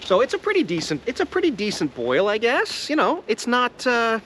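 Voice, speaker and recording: A man's voice: very high-pitched, wildly swooping pitch, a little fast, a bit bright, slight background noise. A Canadian man chatting casually in an outdoor vlog, rambling and joking, laughing often and swearing casually. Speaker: vlogger. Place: outdoors in the woods at a sap boil.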